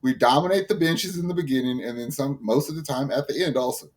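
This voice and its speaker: A man with a Texan accent co-hosting a casual podcast, telling profane, animated stories about his gym routine. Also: mid-range voice, quick pace. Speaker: podcast co-host. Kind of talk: casual chat.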